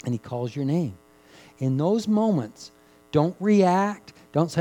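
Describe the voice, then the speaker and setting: A man preaching a sermon, rising to loud emphatic peaks and dropping to hushed, drawn-out phrases, repeating key words for emphasis. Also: fairly high pitch, lively intonation, rough recording. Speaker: pastor.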